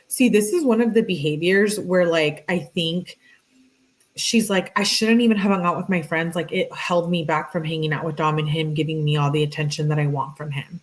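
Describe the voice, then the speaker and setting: A woman's voice: low voice, normal speed. A woman giving casual true crime commentary, chatty and full of fillers, talking straight to her viewers. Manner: chatty, filler-heavy, addresses viewers directly. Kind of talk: casual commentary reading text messages aloud.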